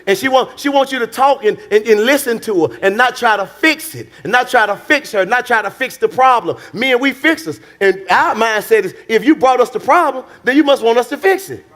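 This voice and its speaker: A man's voice: very high-pitched, expressive, a little fast, hardly any pauses, a bit bright. A male pastor preaching a sermon in a conversational style, repeating phrases and calling out to the congregation. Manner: conversational, repetitive, calls out to the congregation.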